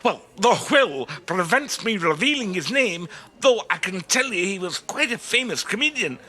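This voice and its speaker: An actor playing a prim, patient lawyer who speaks precisely and formally in a comedy audio drama. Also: male voice, sits high, sing-song, moderate pace, pushed and bright, heavily acted.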